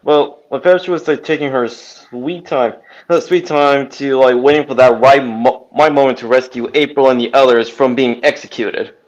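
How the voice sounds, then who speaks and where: Halting man chatting, dull audio. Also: mid-range voice, fairly even intonation. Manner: halting, repeats words, many fillers. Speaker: podcast co-host. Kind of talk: casual chat.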